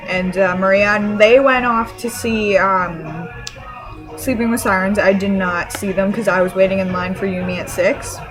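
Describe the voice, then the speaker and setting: A woman from Canada telling a story to her camera in an excited, rambling way, full of fillers and restarts. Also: medium pitch, low-quality recording. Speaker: vlogger.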